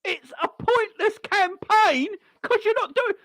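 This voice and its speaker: A man's voice: very high voice, slow pace, bright, forceful tone, no room sound. A man hosting a football channel, ranting angrily and swearing as he mocks online fans. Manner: sweary, mocking, mimics people. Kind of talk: angry fan rant.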